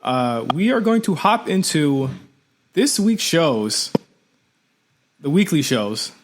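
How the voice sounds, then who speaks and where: A man hosting a casual wrestling podcast with a fairly high voice. He speaks emphatically and repeats phrases to drive his points home. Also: big pitch swings, slow, background noise. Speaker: podcast host.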